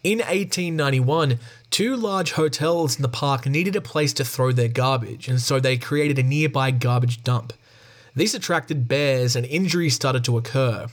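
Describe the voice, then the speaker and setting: Uomo che narra con voce pacata. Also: male voice, mid-range voice, normal speed. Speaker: podcast host. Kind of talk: scripted narration.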